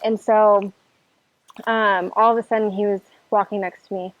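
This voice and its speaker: A woman with a mid-range voice and level tone speaks at a moderate pace, with no echo. She casually tells a personal story, acting out how she reacted back then and using lots of "like" as filler, on a dull lo-fi recording with faint music behind.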